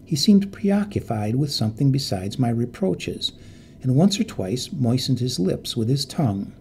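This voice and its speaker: A man narrating a ghost story in an expressive, dramatic reading voice. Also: medium pitch, moderate pace, slight background noise.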